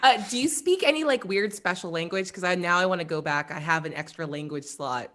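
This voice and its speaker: A woman's voice: on the low side, fairly bright tone, slight background noise. A woman playing a tabletop game, reacting eagerly and chatting about her character. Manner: enthusiastic, quick reactions. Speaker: player. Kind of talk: casual tabletop planning chat.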